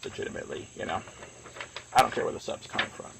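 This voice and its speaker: A man's voice: fast talker, heavy background noise. A man chatting casually on a live stream, rambling and earnest, with plenty of fillers.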